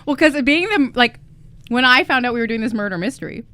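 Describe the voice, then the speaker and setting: A woman's voice: on the high side, expressive, a little fast, bright, forceful tone, clean tone. A woman co-hosting a podcast, chatty and bubbly in casual conversation. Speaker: podcast co-host. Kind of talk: casual chat.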